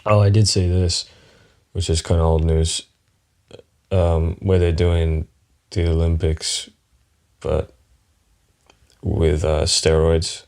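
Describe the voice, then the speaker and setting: Australian male podcast host, very low voice, loose profane comedic monologue. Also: flat delivery, slow pace, vocal fry, long pauses, a little mellow. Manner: rambling, profane, chuckling often.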